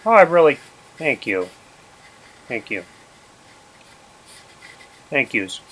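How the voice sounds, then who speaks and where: A man's voice: medium pitch, sing-song, takes it slowly, fairly bright tone, husky, exaggerated voice, poor audio. A man voicing a fussy male cartoon bird that stammers and grumbles politely. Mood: grumbling. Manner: stammering, polite, grumbling under his breath. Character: fussy male cartoon bird being drawn, easily annoyed.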